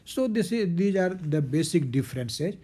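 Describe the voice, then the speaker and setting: A man giving a recorded physics lecture, repeating key terms slowly with fillers. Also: fairly high pitch, lively intonation, warm tone, slightly rough.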